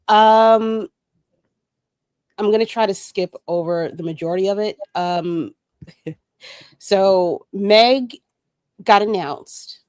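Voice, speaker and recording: A woman on a podcast, fired up and swearing freely as she rants about something that made her angry. Her mid-pitched voice comes across dry and close to the mic, with no room sound around it. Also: slow pace, long pauses, darkish tone, smooth, dry recording. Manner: profane, fired-up and emphatic. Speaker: podcast guest. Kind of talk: heated casual podcast rant.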